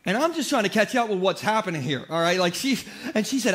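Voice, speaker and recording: A man preaching a sermon as pastor, telling comic, self-deprecating stories in an animated way. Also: high voice, quick pace, hardly any pauses. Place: church.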